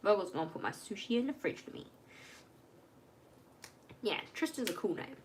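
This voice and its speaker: A woman's voice: mid-range voice, big pitch swings, moderate pace, a little hiss or hum. A young woman chatting casually on a live stream from home while she works on her journal, rambling and laughing at herself.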